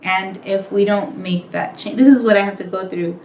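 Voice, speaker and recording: A woman's voice: medium pitch, fairly even intonation, normal speed, darkish tone. A young adult woman, an interview guest and history graduate student, talking casually with lots of fillers and acting out what others said to her. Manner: chatty, filler-heavy, acts out what others said. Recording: echoey room, faint ambient noise.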